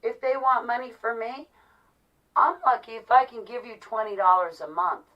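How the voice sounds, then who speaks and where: A woman's voice: a little high, normal speed, far from the mic, lo-fi sound. A woman in her forties ranting to her viewers in an exasperated, repetitive, pleading way. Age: 40s. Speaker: vlogger. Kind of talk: heated monologue to viewers.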